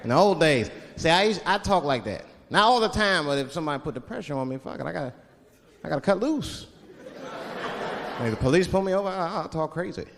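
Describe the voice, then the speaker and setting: Man doing stand-up, lively high voice. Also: brisk. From Washington, D.C. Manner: switches into put-on voices for characters. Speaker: stand-up comedian. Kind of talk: stand-up comedy routine. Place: comedy stage before a live audience. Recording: live stage recording in a large hall with crowd laughter. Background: audience laughter.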